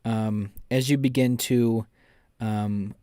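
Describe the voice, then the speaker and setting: A man narrating a tabletop role-playing game as game master, describing scenes to the players in a measured second-person voice. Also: medium pitch, fairly even intonation, dark tone, clean tone, no room sound, studio quality.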